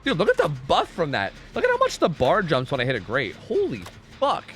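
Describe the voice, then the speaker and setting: A man streaming a game live and chatting with viewers, excitable and profane, swinging between loud pleading and low mumbling. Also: fairly quick. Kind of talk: live gaming commentary with chat.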